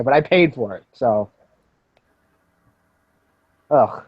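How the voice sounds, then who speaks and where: A man's voice: a little high, normal speed, long pauses, no room sound, lo-fi sound. A young man hosting a casual group chat over a voice call, joking and sarcastic, rambling on. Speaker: podcast host.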